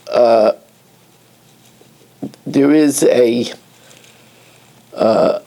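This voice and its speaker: Gravelly rabbi teaching. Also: male voice, medium pitch. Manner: animated, sings snatches of song and asks questions with rising emphasis. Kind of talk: Torah lecture.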